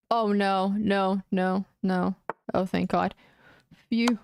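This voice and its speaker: A woman's voice: mid-range voice, steady tone, very slow, gravelly, pauses often, clear, resonant tone, dry recording. A young woman streaming chess, muttering anxious, casual commentary to herself and repeating words as she plays. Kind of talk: casual live-stream commentary while playing.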